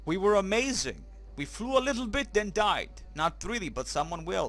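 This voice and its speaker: A high-pitched man commentates a game with a swooping, lively delivery. His voice is bright and forward, and his humour is crude and excitable. He keeps throwing in German phrases. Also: moderate pace, hardly any pauses, faint music behind. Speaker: gaming commentator. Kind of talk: let's play commentary.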